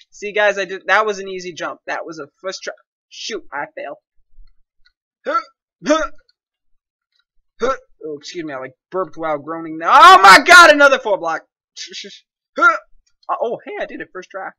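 A young man giving excitable, complaining, self-mocking commentary while playing a game. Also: sits high, brisk, no echo. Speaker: gaming commentator. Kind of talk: casual gameplay commentary.

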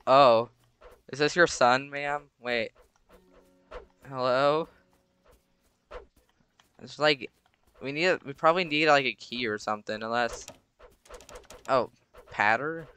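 A young man chatting casually through a horror game, jumpy and prone to sudden shouts. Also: medium pitch, slight background noise. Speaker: gamer. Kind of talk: casual gameplay commentary.

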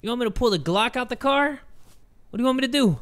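Male gaming YouTuber, bright, sharp voice, loud and jokey. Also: extremely high pitch, animated, fast, soft background music. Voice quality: loud, jokey, swears often. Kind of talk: let's play commentary.

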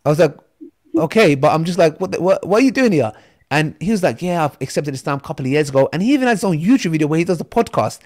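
A man, a podcast guest who tells lively stories and acts out the voices in them. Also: on the high side, very fast. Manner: animated storyteller, acts out quotes.

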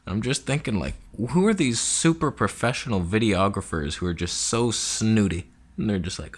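A man's voice: low voice, lively intonation, moderate pace, soft background music. A man vlogging a sarcastic, exasperated comedy rant about a camera.

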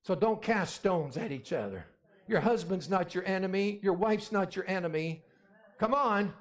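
Pastor, male, high voice; emphatic repetitive preaching, peppered with amens. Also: animated, moderate pace. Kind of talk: sermon.

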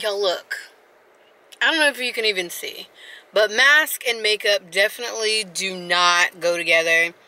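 A woman's voice: medium pitch, pushed and bright. A woman, chatting casually and rambling to her viewers in a vlog. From South Carolina. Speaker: vlogger.

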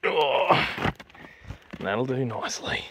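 A man's voice: medium pitch, takes it slowly, sharp tone, a little hiss or hum. An Australian man doing a crude, swearing casual review vlog of drinks and snacks, full of larrikin banter.

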